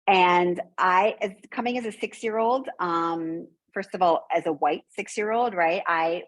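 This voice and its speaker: A woman's voice: lowish voice, unhurried, no echo, rough recording. A woman from the Soviet Union, raised in the United States, with an American accent, speaking as a panelist in a conversational way and often tagging her points with "right?". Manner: conversational, frequent "right?" tag questions. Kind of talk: academic panel discussion.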